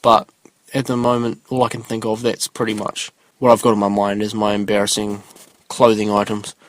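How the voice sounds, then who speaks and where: Speaking fairly low and in a monotone, this young man chats at a moderate pace on his solo podcast. As host, he drifts through relaxed, rambling talk packed with ums and side remarks.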